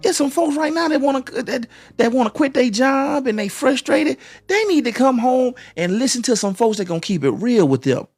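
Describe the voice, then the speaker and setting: A man's voice: extremely high pitch, animated, normal speed, darkish tone, dry recording, soft background music. A man hosting a live stream, giving relationship advice in a preachy way, repeating phrases and restarting often. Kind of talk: motivational live-stream talk.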